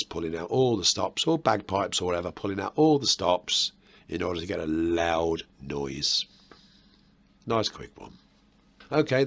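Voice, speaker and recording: A man's voice: low voice, vocal fry, sharp tone, husky. A man with a Birmingham accent, hosting a history video and explaining old sayings in a chatty, rambling way with self-mocking asides. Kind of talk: casual history explainer to camera.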